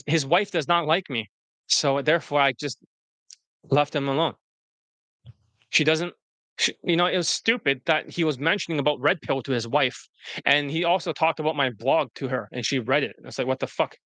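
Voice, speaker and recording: Male dating coach on a livestream: bright, forceful, cussing, scornful, dry close sound. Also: a little high, moderate pace, no echo. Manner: blunt, profane, scornful. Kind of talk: casual livestream commentary.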